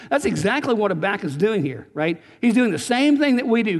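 A man's voice: high voice, animated, fast talker, few pauses. A man preaching a sermon in a church, earnest, often repeating and restarting words as he presses his points. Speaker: pastor. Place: church sanctuary. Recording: church sanctuary with long reverb.

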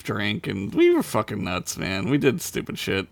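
A man's voice: lowish voice, huge pitch swings, vocal fry. A man co-hosting a podcast in casual, crude, joking chat. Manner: crude, joking, quick to laugh. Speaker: podcast co-host.

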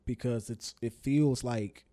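A man's voice: mid-range voice, fairly even intonation, takes it slowly, mellow. A man co-hosting a podcast in casual chat, blunt and insistent, cursing plainly as he makes his point. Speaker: co-host of a podcast.

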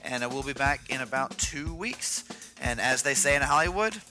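A man's voice: medium pitch, lively intonation, music in the background. A man co-hosting a podcast, joking and laughing in casual banter. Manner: jokey, quick, laughing. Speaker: podcast co-host.

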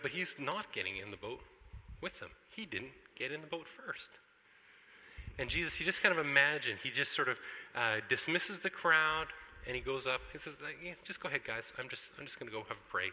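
A man's voice: medium pitch, in a large hall, poor audio. A middle-aged man preaching a sermon as pastor, telling stories animatedly and acting out the scenes. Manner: animated storytelling, acts out scenes.

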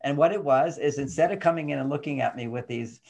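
An older man talks through relationship advice as a podcast guest, his voice sitting a little high for a man. He tells stories with energy and acts out the lines of the people in them. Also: fast talker, gravelly, highs cut off. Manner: animated storytelling, acts out quoted voices. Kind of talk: casual interview chat.

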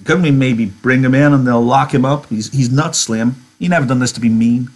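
A man reading aloud voices an anxious ranch worker who pleads haltingly and stumbles over his words. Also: medium pitch, voice pushed up, close to an everyday voice. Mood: pleading.

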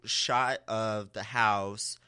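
A young man chats through a podcast recap, throwing in sassy asides and laughing often. His voice sits low and smooth. The sound is dry and close. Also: fairly even intonation, extremely slow, pushed and bright, no echo. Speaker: podcast co-host. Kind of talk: casual chat recap.

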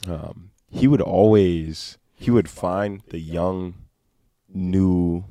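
A man, a podcast co-host, chatting casually in a relaxed, agreeable way. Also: deep voice, drawn-out words, no echo, clean studio sound. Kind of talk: casual chat.

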